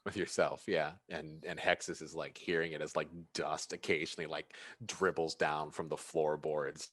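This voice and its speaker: Deep-voiced man running a tabletop game. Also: little pitch movement, moderate pace, a bit bright, dry recording. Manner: casual, laid-back, swearing. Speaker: game master.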